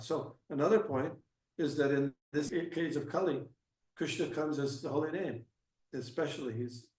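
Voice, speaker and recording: A man giving a scripture class and answering questions, halting with frequent restarts, then growing emphatic. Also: medium pitch. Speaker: class speaker. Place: temple hall. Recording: echoey room, mic at a distance.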